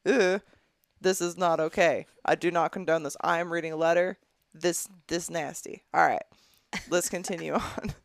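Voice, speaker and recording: A young woman co-hosting a podcast in a studio, with a gravelly edge to her voice. She reads a letter aloud and stops often to give blunt, profane opinions of it. The sound is close and dry. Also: fairly low pitch, no room sound. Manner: blunt, profane, disgusted commentary with frequent laughs. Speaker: podcast co-host. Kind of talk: casual podcast chat, reading a listener letter aloud.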